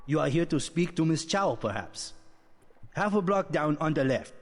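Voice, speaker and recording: A man's voice: on the high side, animated, moderate pace, natural voice. A man voicing a wary male street informant in video game dialogue, giving guarded warnings. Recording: reverberant game audio with music.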